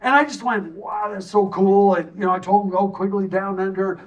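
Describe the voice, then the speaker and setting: A middle-aged man giving an animated presentation to a town audience from a stage, telling stories with jokey asides. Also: high-pitched, fairly quick, distant mic, poor audio. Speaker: tourism consultant giving a community assessment. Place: stage in a hall.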